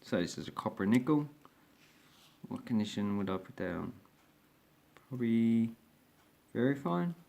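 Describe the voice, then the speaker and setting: A man's voice: medium pitch, animated, moderate pace, vocal fry, pauses often, darkish tone. A man hosting a coin collecting video, thinking aloud as he grades and values each coin. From Australia. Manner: thinks aloud while grading coins. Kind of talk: casual coin review narration.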